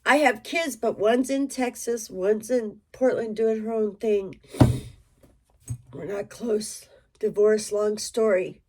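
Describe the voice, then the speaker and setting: A woman's voice: medium pitch, takes it slowly. A middle-aged woman chatting frankly to camera as a reseller, rambling and emotional with many asides. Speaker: reseller vlogger. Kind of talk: casual chat to camera.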